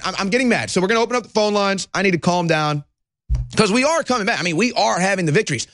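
A man hosting a talk radio show, ranting heatedly and swinging between loud outbursts and calmer stretches. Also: high voice, quick pace, no echo, clean studio sound. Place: broadcast studio.

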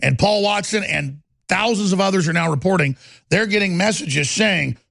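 Male host, gravelly and high, emphatic and indignant, dry close sound. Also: fairly bright tone, dry recording. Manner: emphatic, indignant, rapid-fire. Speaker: talk show host. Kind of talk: heated political talk radio.

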